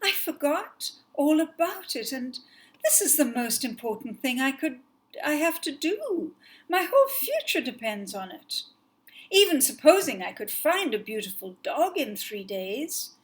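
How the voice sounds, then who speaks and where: A woman doing an earnest young prince, higher than her usual voice. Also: sing-song, measured pace. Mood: alarmed.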